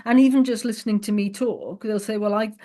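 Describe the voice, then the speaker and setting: A woman's voice: fairly high pitch, steady tone, a little fast, warm tone. A woman hosting a podcast, earnest and thinking aloud in long, searching sentences. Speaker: podcast host. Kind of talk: conversational interview.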